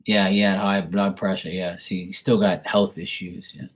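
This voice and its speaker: A low-pitched man with a flat delivery reads tarot and responds to viewers during a relaxed live stream, speaking at a moderate speed. His chat wanders, leans on "you know" fillers, and is blunt with the occasional curse.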